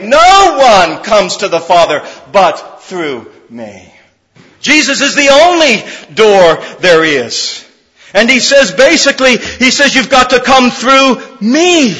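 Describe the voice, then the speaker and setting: High-voiced fervent preacher in a hall. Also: male voice, bright, forceful tone. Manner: fervent, emphatic, builds through repeated phrases. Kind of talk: sermon.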